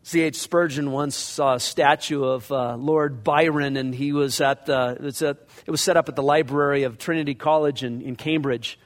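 A man's voice: fairly high pitch, steady tone, moderate pace, few pauses. A man preaching a verse-by-verse sermon in a conversational way, acting out scripture passages in character as he goes. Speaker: pastor. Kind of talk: expository sermon. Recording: long reverb of a large hall.

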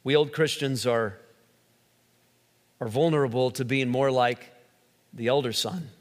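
A male pastor giving an animated sermon, acting out quotes as he preaches. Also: mid-range voice, unhurried. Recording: long hall reverb.

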